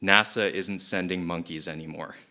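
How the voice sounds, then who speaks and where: A man voicing an unimpressed mother who brushes off her son flatly. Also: deep voice, normal speed, voice pushed down, heavily acted. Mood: dismissive. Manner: flat and dismissive. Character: cold, unimpressed mother, middle-aged woman.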